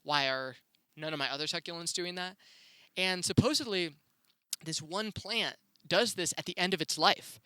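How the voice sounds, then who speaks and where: Bright, laid-back young man. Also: on the high side, clear, resonant tone, dry recording. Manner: laid-back, chatty, with excited rises. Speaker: podcast host. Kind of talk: casual solo storytelling.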